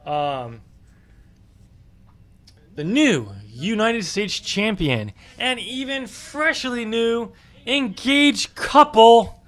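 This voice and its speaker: A man's voice: very high-pitched, expressive, very slow, pauses often, fairly bright tone. A man co-hosting a wrestling podcast in casual chat, opinionated and chatty, with frequent ums. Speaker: podcast co-host.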